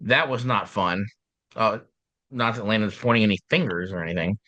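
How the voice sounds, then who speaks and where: A male podcast host chatting casually, joking and filling with "uh", his voice a little deeper and rough after being ill. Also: normal speed, bright, forceful tone, dry recording, dull audio. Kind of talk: casual chat.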